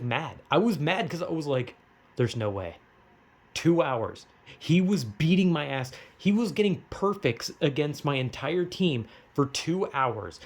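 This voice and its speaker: Man, mid-pitched voice, casual gaming vlog, swears a lot, laughs at his own failures. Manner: exasperated, self-mocking, profane storytelling. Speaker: gaming vlogger. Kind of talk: casual rant to camera.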